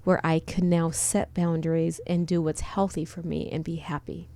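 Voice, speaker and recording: A woman's voice: low voice, level tone, moderate pace, dark tone. A woman in a casual podcast chat, giggly and rambling as she lists things.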